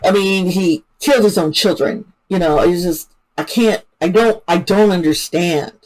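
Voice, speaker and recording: A woman's voice: on the low side, moderate pace, a little mellow, poor audio. A woman hosting her own channel, giving casual true-crime commentary in a chatty, emotional way with many fillers and restarts. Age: adult parent. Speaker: channel host.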